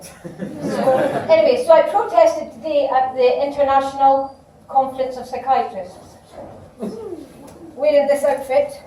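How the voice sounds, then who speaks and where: A woman's voice: sits high, steady tone, unhurried, warm tone, heavy reverb, far from the mic, slight background noise, rough recording. Laughing, swearing Aberdonian woman comic. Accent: Aberdonian Scottish. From Aberdeen, Scotland. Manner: swearing, laughs at her own jokes. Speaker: stand-up comedian. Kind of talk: impromptu stand-up. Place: comedy club room.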